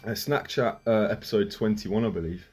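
Dry, low-key man chatting. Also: normal speed, darkish tone, husky, faint music behind. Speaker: podcast co-host. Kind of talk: casual chat.

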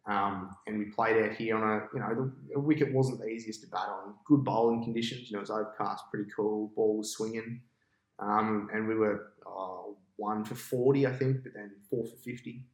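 A cricket captain telling a long match story on a podcast, in a casual, animated way and with an Australian accent. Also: male voice, fairly low pitch, normal speed, reverberant, poor audio. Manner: animated storyteller, acts out his own past thoughts.

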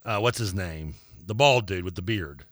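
A man co-hosting sports radio in loose, casual banter, rambling and restarting his thoughts as he talks. His voice sits a bit low but swings widely in pitch and has a bright edge. It is close-miked and dry in a studio. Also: animated, moderate pace, no echo. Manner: rambling, self-interrupting, laughs easily.

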